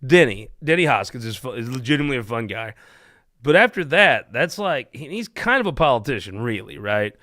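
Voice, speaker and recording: A man's voice: medium pitch, very animated, a little fast, bright, forceful tone. A man hosting a political talk show, telling jokes and chatting in a rambling, irreverent way. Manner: irreverent, rambling, laughs at his own jokes. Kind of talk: casual joke-telling chat.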